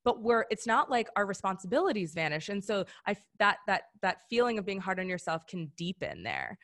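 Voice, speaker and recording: A woman's voice: medium pitch, big pitch swings, a little fast. A woman facilitating a live online workshop over a video call, encouraging and conversational, often checking in with "right?". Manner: warm, encouraging, conversational with many "right?" tags.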